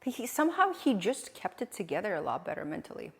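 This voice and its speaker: Woman streamer, casual rambling chat, mid pitch, long reverb on the voice. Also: very animated, quick pace, creaky, husky, soft background music. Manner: chatty, rambling, questioning.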